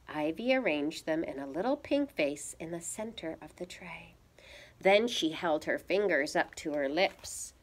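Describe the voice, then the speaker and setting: A woman reading a picture book aloud to young children, pausing to ask them gentle teacherly questions. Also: on the low side, animated. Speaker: storyteller for children.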